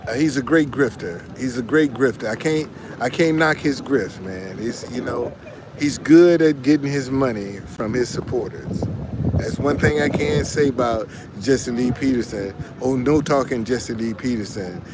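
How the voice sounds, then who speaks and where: Speaking at normal speed in a medium-pitched voice against a noisy background, a male online commentator preaches casual motivation to his audience. He repeats himself, restarts often, and fields viewer comments as he goes.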